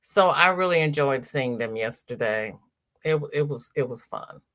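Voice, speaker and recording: A woman's voice: extremely low pitch, expressive, normal speed, fairly bright tone. A woman with a Southern American accent hosting a casual crochet livestream, chatting, repeating herself and greeting viewers by name. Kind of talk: casual livestream chat reading comments.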